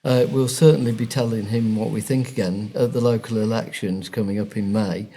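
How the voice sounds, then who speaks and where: Hesitant man with a mellow voice. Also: fairly low pitch, steady tone. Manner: hesitant, many fillers and pauses. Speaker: local campaigner. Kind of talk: conversational podcast interview.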